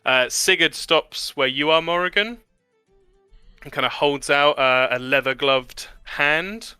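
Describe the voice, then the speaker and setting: A man narrating a tabletop game as game master, in a relaxed, chatty way with many fillers. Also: fairly high pitch, unhurried, smooth, no echo, soft background music.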